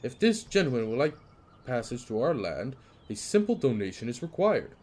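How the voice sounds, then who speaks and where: A man's voice: medium pitch, big pitch swings, moderate pace, a little mellow, a little hiss or hum, close to an everyday voice. A man voicing a smug, falsely polite male toll guard, reading game dialogue aloud with sly courtesy.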